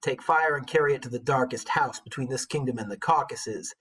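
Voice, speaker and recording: A man putting on a low mock rapper voice for a rhythmic verse reading. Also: fairly quick, a bit bright, husky, distant mic. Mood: rapping. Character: would-be male rapper.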